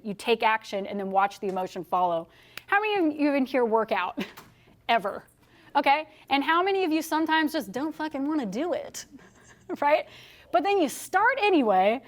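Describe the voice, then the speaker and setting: Animated, profane woman giving a sales talk. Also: high voice. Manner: animated, profane, laughs often, acts out quoted people. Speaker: sales trainer. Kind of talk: motivational speech to a live audience.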